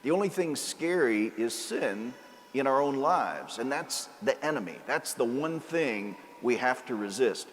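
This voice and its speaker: A man's voice: mid-range voice, lively intonation, unhurried. Man preaching in a reverberant cathedral. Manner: storytelling with a joke, earnest preaching. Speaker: priest. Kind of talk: sermon. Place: large cathedral. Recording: cathedral reverb, faint ambience.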